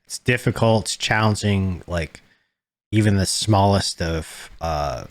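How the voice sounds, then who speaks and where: A young adult man co-hosting a podcast, talking in a calm, low-key way and swearing casually. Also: takes it slowly, dry recording. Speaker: podcast co-host. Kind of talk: casual chat.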